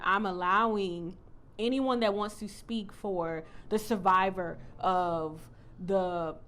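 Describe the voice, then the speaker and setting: A woman's voice: mid-range voice, fairly bright tone. A woman talking casually as a tarot reader in a vlog, blunt and defiant and swearing freely, recorded on a phone mic.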